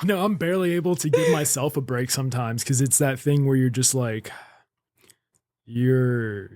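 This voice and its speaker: A man's voice: mid-range voice, normal speed, a little mellow, dry recording. A young man, chatting casually as a podcast guest about his music and baking. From Memphis. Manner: laid-back, many fillers and restarts.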